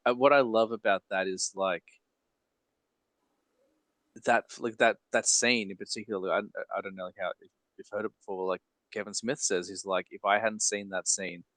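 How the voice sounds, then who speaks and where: A man hosting a podcast, talking casually and rambling with lots of fillers and quick laughs. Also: fairly low pitch, steady tone, fairly bright tone, dry recording. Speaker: podcast host. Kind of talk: casual chat.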